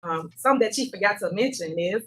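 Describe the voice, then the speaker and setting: A woman mayor making informal, rallying announcements at a town hall meeting, her voice going hoarse. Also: mid-range voice, animated. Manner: brisk, informal, rallying the room. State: losing her voice. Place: village hall meeting room. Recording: noisy public meeting recording.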